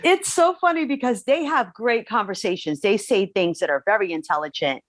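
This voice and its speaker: A woman of middle pitch co-hosts a casual podcast, chatting about a show in an amused, easygoing way and laughing readily. Her voice is dry and close to the mic. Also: lively intonation, normal speed, dry recording. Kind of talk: casual TV review chat.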